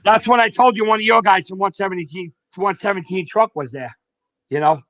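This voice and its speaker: A man's voice: sits high, a little fast, crowd noise. A middle-aged man, a retired firefighter telling stories bluntly and profanely as a podcast guest. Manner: blunt, profane, animated storyteller. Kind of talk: casual storytelling. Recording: dull, dry lo-fi sound.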